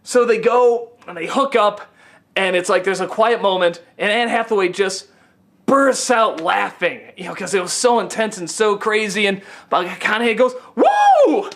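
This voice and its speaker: Man, film critic, casual rant, stammers, sarcastic, excitable, swears a lot. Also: sits high, moderate pace.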